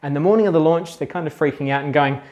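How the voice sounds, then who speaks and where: A man's voice: on the high side, fast talker, a little mellow, dull audio. A man, a children's book author, telling facts to kids in a chatty, casual storytelling manner. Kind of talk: explainer video for kids.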